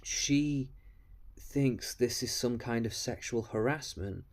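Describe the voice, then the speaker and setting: A man's voice: medium pitch, slow pace. A man giving blunt, mocking, profane commentary on video clips. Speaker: commentary host.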